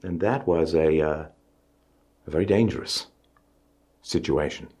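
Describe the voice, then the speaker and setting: A middle-aged man giving an emphatic public speech, pushing his pitch up on stressed words. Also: a little slow, a little mellow, husky. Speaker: speaker.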